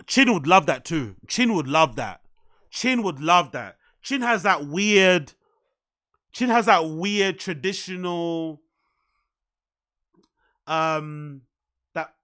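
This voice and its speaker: Bright man mocking a podcast. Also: a little high. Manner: mocking, profane, repeats his punchlines. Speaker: streamer reacting to a podcast. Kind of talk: casual reaction commentary.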